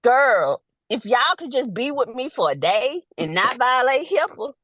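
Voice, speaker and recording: A woman, a nurse, ranting bluntly and profanely in casual chat, loud and animated. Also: on the high side, measured pace. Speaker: nurse, guest.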